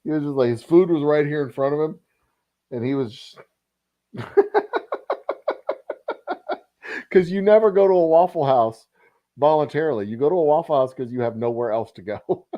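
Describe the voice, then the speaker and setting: A man's voice: fairly high pitch, quick pace, dry recording, highs cut off. Rambling, cussing man spinning a yarn. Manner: rambling, profane, chuckling. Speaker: distillery host. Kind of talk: casual storytelling on a livestream.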